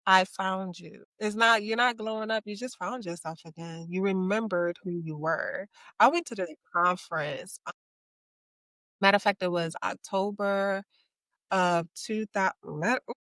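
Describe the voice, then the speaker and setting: A middle-aged woman who hosts a casual chat, encouraging her guest and telling expressive stories. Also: medium pitch, unhurried, no echo. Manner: warm, encouraging, expressive storyteller. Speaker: podcast host.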